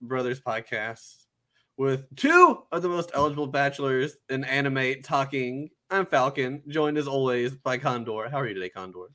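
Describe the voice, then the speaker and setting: Podcast host, male, mid-pitched, dry teasing delivery. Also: expressive, normal speed, fairly bright tone. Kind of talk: casual podcast chat.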